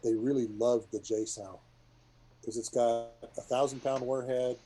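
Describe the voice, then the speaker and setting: A middle-aged man, a retired military pilot, telling rambling war stories to a group in a casual, animated way. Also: mid-range voice, measured pace, slightly rough, rough recording. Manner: rambling, animated, many restarts and asides.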